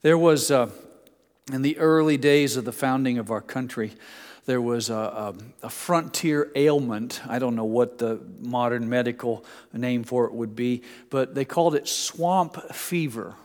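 A man preaching a sermon in a conversational way, often slowing down and dropping to a hush for emphasis. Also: medium pitch, long reverb tail. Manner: conversational preaching with many restarts, slows and hushes for emphasis. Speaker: pastor.

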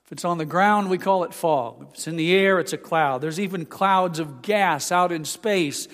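A pastor giving a sermon, explaining scripture and reading passages aloud. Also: male voice, high voice, moderate pace, fairly bright tone, in a large hall. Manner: expository preaching, reads scripture aloud.

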